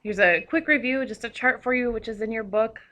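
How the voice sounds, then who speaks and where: A woman's voice: fairly high pitch, a little fast, pushed and bright. A woman teacher giving a recorded grammar lesson, explaining patiently with a few fillers.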